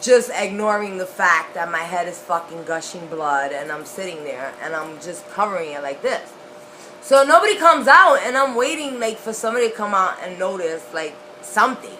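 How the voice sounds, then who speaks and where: A young woman telling a personal story in a casual, profane, animated way. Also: mid-range voice, slight background noise, poor audio. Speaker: vlogger.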